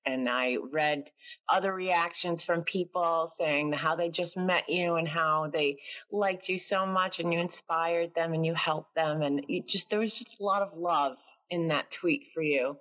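Casting: chatty, bubbly woman host from New York, slightly low voice, casual video call. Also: unhurried, fairly bright tone, low-quality recording. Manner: bubbly, chatty, laughs often.

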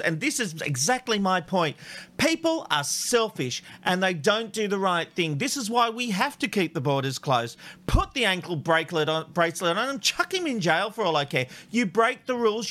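A man's voice: sits high, sharp tone. A man co-hosting a talk show, reading news items and giving emphatic, indignant opinions. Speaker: co-host and news reader.

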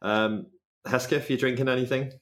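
A man's voice: mid-range voice, fairly even intonation, moderate pace, fairly bright tone. A man hosting a podcast, chatting casually with laughter and swearing. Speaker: podcast host.

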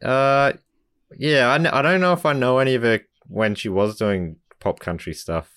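A man co-hosts a casual podcast about albums, easygoing and thinking aloud as he talks. His medium-pitched voice is a bit bright at a moderate pace, captured in clean studio sound with no echo.

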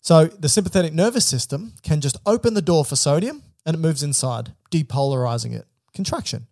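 A man with a gravelly, slightly higher voice talks through a lesson in casual chat, breaking ideas into simple steps and asking questions to keep things moving. His tone sits mellow and dark, recorded close and dry. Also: expressive, fairly quick, dry recording. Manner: explains in plain steps, asks prompting questions. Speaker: podcast co-host.

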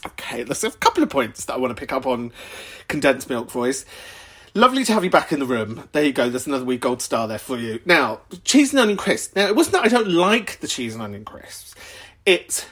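A young Irish woman chatting on her podcast, her voice slightly husky and swinging widely up and down. She swears freely and keeps breaking into laughter. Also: very deep voice, big pitch swings, brisk, fairly bright tone. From Ireland. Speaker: podcast host. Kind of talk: casual chat.

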